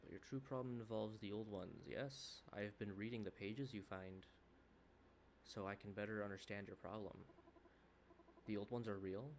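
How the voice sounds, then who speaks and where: A gentle AI companion program, put on by a man, earnest and sweet in a put-on accent. The voice sits fairly low, with a faint hiss behind it. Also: fairly even intonation, moderate pace, close to an everyday voice.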